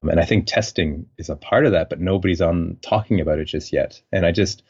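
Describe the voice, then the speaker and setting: A man from French Canada, a scientist, talking as a podcast guest in a relaxed, rambling way. His voice is very low, and his audio comes through dull and lo-fi. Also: fairly quick, husky. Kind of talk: conversational interview.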